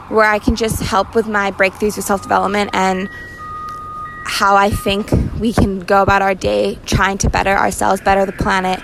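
A woman's voice: mid-range voice, creaky. A young woman hosting a casual solo podcast while walking outdoors, talking candidly in a rambling way and laughing often. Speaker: podcast host. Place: walking outdoors on a city street. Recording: street noise with sirens and traffic. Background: sirens, cars, restaurant fan.

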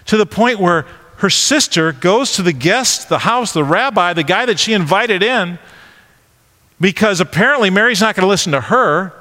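A man preaching a conversational sermon, animated and full of questions. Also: a little high, big-room sound.

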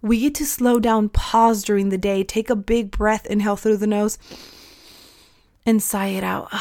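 A woman's voice: medium pitch, level tone, measured pace, darkish tone. A young adult woman hosting a podcast, giving a heartfelt, encouraging pep talk to her listeners. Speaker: podcast host.

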